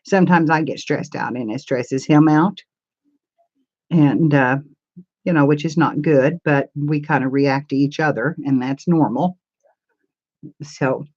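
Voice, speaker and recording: On her crafts channel's live stream, an older woman chats casually, rambling in a homey way while answering viewers' comments. Her voice is low and darkish, a little slow, with long pauses, and the camera mic makes the audio dull.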